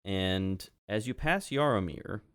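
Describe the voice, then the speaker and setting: A man runs a tabletop game, narrating in an easygoing, conversational way. His voice is low and recorded close and dry. Small fillers slip into his descriptions. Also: animated, takes it slowly, fairly bright tone, clear, resonant tone, no room sound. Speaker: game master.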